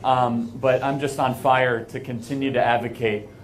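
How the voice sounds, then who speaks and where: A man's voice: medium pitch, flat delivery, normal speed, a little hiss or hum. Earnest American man giving a speech. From United States. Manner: earnest and emphatic, conversational with asides. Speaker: guest speaker. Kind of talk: speech to a live audience. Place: event hall with an audience.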